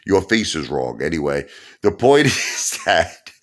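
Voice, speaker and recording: A man in his fifties with a Brooklyn accent, ranting loudly and heatedly in a vlog monologue, breaking into shouts. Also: low-pitched, very animated, measured pace. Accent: Brooklyn New York. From Brooklyn, New York. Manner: loud, heated, bursts into shouting. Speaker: YouTube vlogger.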